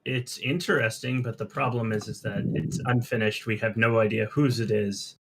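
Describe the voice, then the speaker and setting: A man talking casually in an online staff meeting, relaxed, with frequent fillers and trailing sentences. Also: on the low side, moderate pace, noisy background. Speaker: infrastructure staff member.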